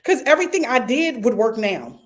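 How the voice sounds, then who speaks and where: A middle-aged woman pastor with a Philadelphia accent, talking to viewers on a livestream in a lively, repetitive way and calling on them by name. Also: a little high, brisk. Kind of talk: livestream preaching and fundraising talk.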